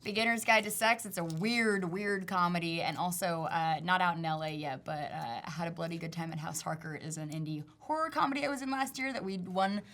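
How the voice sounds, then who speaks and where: Bright-voiced young woman chatting. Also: lowish voice, a little fast, few pauses. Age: 20s. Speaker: co-host and actor. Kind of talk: casual panel chat. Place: studio.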